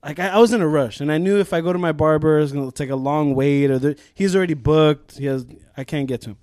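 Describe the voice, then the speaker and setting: A man's voice: fairly high pitch, fast, no room sound, clean studio sound. A young man on a podcast, telling a story in casual chat, swearing a lot and acting out what people said. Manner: animated, profane, acts out quotes in raised voices. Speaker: podcast co-host.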